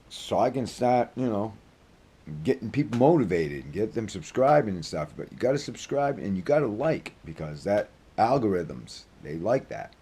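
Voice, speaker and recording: A man's voice: on the low side, very animated, moderate pace, warm tone, slightly rough. A man in his sixties with a Maine accent, telling a story casually in a rambling, folksy way and swearing freely. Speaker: vlogger.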